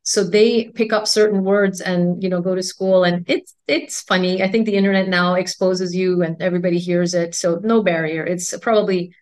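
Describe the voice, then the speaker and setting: A woman in her forties with a mixed Indian and American accent, answering interview questions in a calm, articulate way. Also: fairly low pitch, normal speed, few pauses. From India and United States. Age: 40s. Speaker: guest, endocrinologist.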